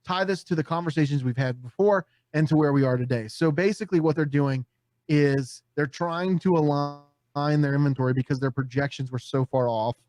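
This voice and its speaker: Lively American man hosting a podcast. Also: fairly high pitch, normal speed, no echo. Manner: animated storytelling, acts out voices and laughs often. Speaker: podcast host. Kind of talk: casual podcast chat.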